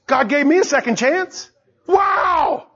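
A man preaching a sermon, emphatic and repetitive, swinging between soft asides and loud exclamations. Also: high voice, sing-song, normal speed, husky, dull audio.

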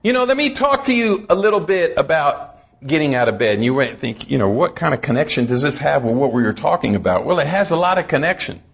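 A middle-aged man preaches in a church with a high voice. He has a folksy, humorous way of telling stories. The recording sounds dull and lo-fi. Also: lively intonation, fast talker, creaky, few pauses, a bit bright. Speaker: pastor. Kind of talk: sermon.

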